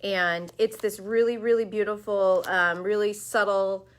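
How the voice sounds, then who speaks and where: A woman's voice: mid-range voice, fairly even intonation, unhurried. A woman hosting a casual live chat from her yarn shop, enthusiastic and full of fillers, speaking to a webcam. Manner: chatty, enthusiastic, lots of fillers.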